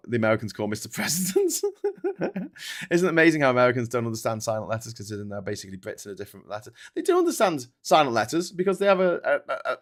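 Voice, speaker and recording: A man hosts a casual livestream and reads out comments from viewers. His voice sits in a middle pitch. His talk rambles and is full of swearing, and he laughs at his own jokes. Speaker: livestream host.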